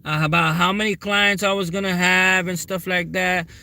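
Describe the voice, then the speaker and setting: Rambling, profane man with a higher voice. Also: level tone, moderate pace, pushed and bright. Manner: rambling, profane, keeps asking viewers "right?". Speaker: tarot reader. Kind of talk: casual storytelling vlog to viewers.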